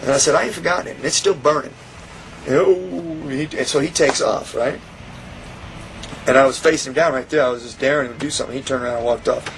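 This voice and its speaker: A man's voice: medium pitch, steady tone, quick pace, slight background noise, low-quality recording. A man telling a story in an interview, heated and profane, acting out what was said. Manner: heated, profane, acts out quoted lines. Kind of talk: animated storytelling.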